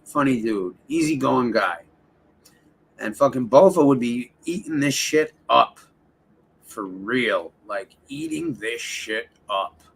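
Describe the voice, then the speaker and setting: Slow-talking, gravelly livestream host, a man who rambles, swears a lot and chats with viewers. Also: medium pitch, bright, forceful tone, slight background noise. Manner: rambling, heavy swearing, talks straight to the chat. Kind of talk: casual livestream chat with viewers.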